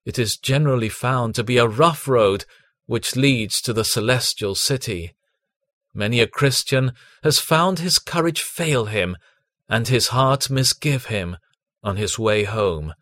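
Guy reading a sermon real slow and solemn, dead dry sound, lots of pauses. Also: medium pitch, fairly bright tone, dry recording. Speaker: devotional reader. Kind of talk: read devotional sermon.

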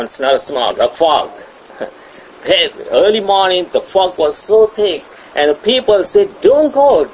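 Slow, emphatic male preacher, lo-fi. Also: on the high side. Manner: emphatic, repeats and restarts phrases, acts out quoted voices. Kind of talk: sermon. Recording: dull lo-fi sound with faint ambient noise.

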